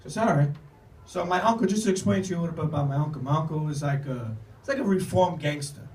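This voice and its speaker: High-voiced man telling a rowdy story. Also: lively intonation, rapid-fire, a little mellow. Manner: profane, rambling and laughing through the story. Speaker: comedian telling a story on stage. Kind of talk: live comedic storytelling. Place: live comedy show before an audience. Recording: echoey room, distant mic, crowd.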